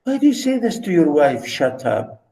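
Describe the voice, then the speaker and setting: A man's voice: high-pitched, very animated, fairly quick, mellow, poor audio. A man lecturing a class, reading a story aloud and asking students rhetorical questions. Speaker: literature lecturer.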